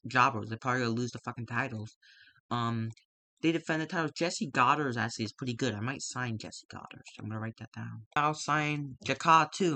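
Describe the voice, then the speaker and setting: A man's voice: mid-range voice, pushed and bright, no echo. A man casually recapping the results of his wrestling simulation game, rambling with lots of fillers and the odd swear word. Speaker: wrestling sim game player recapping a show.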